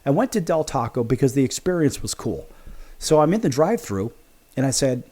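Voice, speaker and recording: A man hosting a sports talk show, spinning a casual monologue. His pitch rises and falls a lot, and he acts out each side of the conversations he recounts. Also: brisk. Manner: animated, acts out both sides of conversations.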